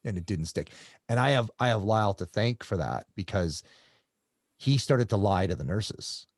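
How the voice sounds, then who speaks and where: Brief: Canadian-raised male coach, rambling interview storyteller, lowish voice, dry sound. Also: animated, normal speed, no room sound. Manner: rambling, with many restarts. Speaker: coach and guest.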